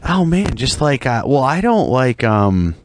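This comedian from Rochester, New York, is a guest on a casual chat show, speaking at a measured pace with a medium-pitched voice. He tells rambling, animated stories packed with restarts, and there's a little hiss or hum in the recording.

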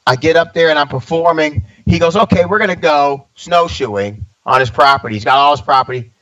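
A slightly high, slightly fast voice belongs to a stand-up comedian in his fifties, with the highs cut off in the audio. He tells a personal story conversationally, animatedly acting out the dialogue he quotes.

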